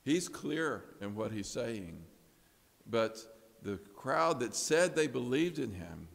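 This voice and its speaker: A male preacher with a gravelly edge to his voice, delivering a sermon. He shifts earnestly between hushed tones and emphatic ones. His words ring out with the long reverb of a large hall. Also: medium pitch, big pitch swings, slow pace. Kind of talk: expository sermon.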